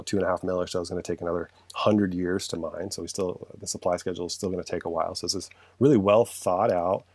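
A man's voice: low voice, darkish tone, no echo. A man in casual conversation, explaining his views earnestly and at length, with frequent restarts. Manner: earnest, passionate, rambling with restarts.

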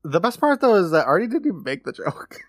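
A man co-hosting a podcast, giving a joking, animated recap in casual chat. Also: sits high, quick pace, husky, no room sound, studio quality. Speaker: podcast co-host.

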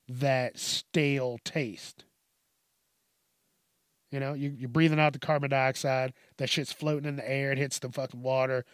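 A man's voice: medium pitch, clear, resonant tone, no echo, studio quality. A man hosting a casual news commentary show, ranting bluntly and swearing freely. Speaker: host.

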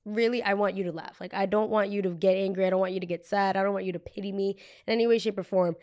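A woman's voice: medium pitch, fast. Chatty young woman telling a story. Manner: chatty, heavy use of "like", animated retelling. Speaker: podcast host. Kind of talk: casual storytelling.

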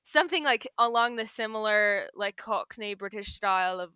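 A woman guest who does character voices, talking casually and thoughtfully with fillers and soft laughs. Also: mid-range voice, lively intonation, normal speed, smooth, dry recording. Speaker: voice impressionist guest. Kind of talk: casual interview chat.

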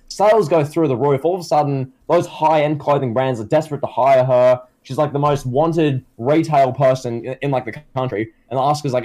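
Dude cohosting a silly chat, rambles a lot, says like constantly, trips over starts. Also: male voice, medium pitch, darkish tone. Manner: rambling, filler-heavy, halting starts. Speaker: co-host. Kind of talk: casual comedic chat.

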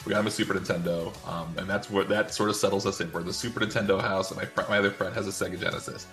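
A man's voice: deep voice, steady tone, rapid-fire, a bit bright, soft background music. A man in his thirties chatting casually as podcast co-host, rambling and restarting his sentences. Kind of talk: casual chat.

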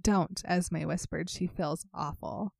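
A woman's voice: on the low side, fairly even intonation, takes it slowly, vocal fry, darkish tone, slightly rough, no room sound, clean studio sound. A woman co-hosting a casual book chat, reading passages aloud and breaking into joking asides. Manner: reads aloud then riffs with laughing asides. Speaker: podcast co-host reading a novel aloud.

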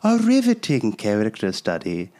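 A man voicing an ancient British man who curates a museum of dust, speaking slowly and drawn out. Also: lowish voice, very animated, breathy edge, full character voice. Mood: pompous. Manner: slow, drawn-out delivery.

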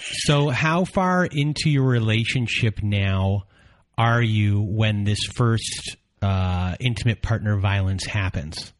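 A man hosting a podcast, asking questions and summing up his guest's story in a measured way. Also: fairly low pitch. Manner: deliberate, summarizing the guest's story. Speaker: podcast host. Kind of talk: interview questions and recap.

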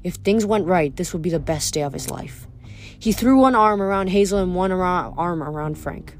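A woman's voice: fairly low pitch, normal speed. A woman hosting a podcast, reading a novel aloud and then signing off casually with fillers and restarts. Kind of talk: read-aloud narration and casual sign-off.

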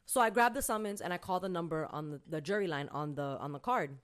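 A woman's voice: low voice, quick pace. A woman co-hosting a casual podcast from Massachusetts, telling a story with swearing and acted-out voices. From Lawrence, Massachusetts. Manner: animated, profane, acts out voices. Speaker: podcast co-host.

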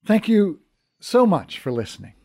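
A man narrating his own podcast novel in a measured storytelling manner. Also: high-pitched, wildly swooping pitch, over music. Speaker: narrator and author. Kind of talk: scripted audiobook narration.

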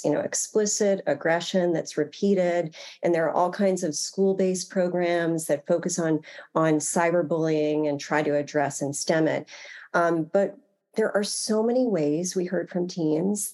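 A woman researcher answers interview questions in a measured, thoughtful way. Her voice sits fairly low and sounds mellow and warm. She pauses now and then with small fillers. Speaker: researcher guest.

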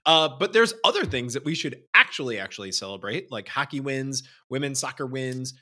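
Teasing bright-voiced podcast co-host man. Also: medium pitch, lively intonation, brisk. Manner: teasing, dry ribbing of the host. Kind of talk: casual sports podcast chat.

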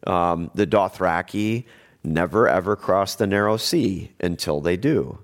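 A man with a very low voice talks in a casual discussion. He stumbles and restarts often, then builds to emphatic points. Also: measured pace.

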